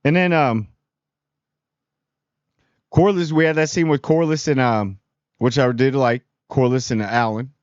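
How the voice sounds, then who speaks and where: A man giving a casual, rambling spoiler review of a TV episode, full of slang and quick acted-out lines for the characters. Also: medium pitch, fairly even intonation, smooth, dry recording, lo-fi sound.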